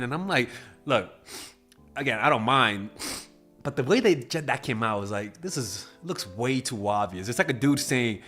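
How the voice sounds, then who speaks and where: A man's voice: mid-range voice, big pitch swings, moderate pace, a bit bright, faint music behind. A man giving blunt, casual dating advice in a monologue, swearing freely and acting out quoted exchanges in a raised voice. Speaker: dating coach.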